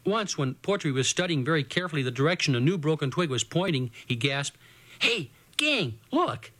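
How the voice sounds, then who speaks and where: Slightly high-voiced male storyteller. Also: fast, fairly bright tone. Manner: folksy first-person storytelling. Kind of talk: reading a children's adventure story.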